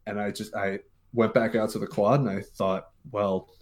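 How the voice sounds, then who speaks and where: A man's voice: on the low side, fairly even intonation, moderate pace. An American man in his forties, a podcast guest, telling stories casually with many fillers and restarts. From Mississippi, USA. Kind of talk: casual interview storytelling.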